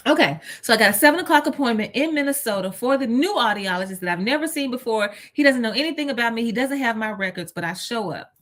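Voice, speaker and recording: A woman host recounts a personal story in an expressive, animated way. Her voice sits a little high and swings widely in pitch as she talks. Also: fast, hardly any pauses.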